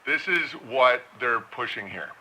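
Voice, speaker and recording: A man's voice: medium pitch, lively intonation, measured pace, sharp tone, slight background noise, rough recording. A man giving a casual, rambling commentary monologue, slipping into mocking impressions.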